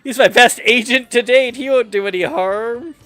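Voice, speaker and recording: A man's voice: very high-pitched, moderate pace, sharp tone, soft background music. A man casually playing through a story game, playfully reading every character's dialogue aloud in his own voice. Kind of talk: casual game playthrough commentary.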